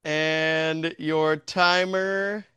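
A man's voice: fairly high pitch, level tone, drawn-out words, bright, forceful tone, clean tone. A man improvising a goofy story as a game host, laughing often and rambling with fillers. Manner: giggly, rambling, puts on silly voices.

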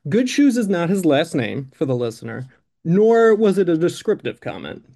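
A man's voice: fairly high pitch, very animated, normal speed, creaky, warm tone. A man improvising a comic story in a rambling, filler-heavy way.

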